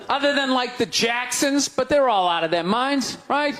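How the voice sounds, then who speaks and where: A middle-aged man doing a stand-up comedy set, ranting in an exasperated way and breaking into sudden shouts, at a comedy club. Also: very high voice, normal speed, hardly any pauses. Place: comedy club stage before a laughing crowd. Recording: live club recording, loud crowd laughter, noisy.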